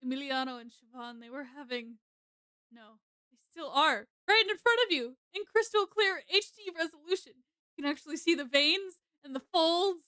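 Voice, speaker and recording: A young adult woman streamer playing a game, reacting with profane, laughing, animated commentary. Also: sits high, normal speed, no echo. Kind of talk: let's play commentary.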